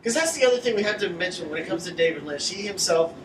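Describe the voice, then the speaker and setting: A chatty, eager man co-hosting a film commentary with a slightly high voice. He sounds far from the mic in an echoey room. Steady noise sits under him. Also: fast talker. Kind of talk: casual film commentary chat.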